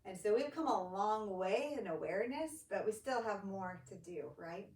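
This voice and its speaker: A woman ministry director speaks as a guest in a mid-range voice at a moderate pace, sharing a story informally. She's lively, performing the lines of the people she quotes; the church studio or room sounds echoey, with a faint hiss from the far-away mic.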